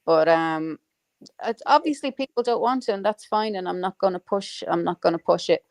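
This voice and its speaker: A woman's voice: lowish voice, normal speed, a little mellow, no echo. A woman hosting a casual live chat, rambling with lots of fillers and the odd swear word. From Ireland. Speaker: livestream host. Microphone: home microphone on a live stream.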